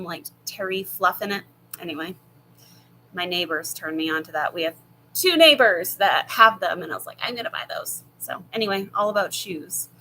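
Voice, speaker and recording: A woman's voice: fairly low pitch, pushed and bright, slight background noise, poor audio. A woman in her thirties hosting a casual live chat from home over her laptop, rambling and friendly with lots of fillers. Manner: chatty and rambling, many fillers and laughs. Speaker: channel host answering viewer questions.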